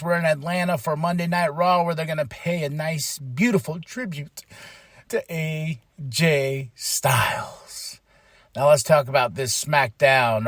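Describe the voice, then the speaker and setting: A man with a high voice hosts a podcast, recapping with animated excitement and bursts of hype. The sound is dry and close, with no room around him. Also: no echo. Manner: excited, animated storytelling with hype shouts and laughs. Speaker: podcast host. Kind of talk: casual wrestling recap.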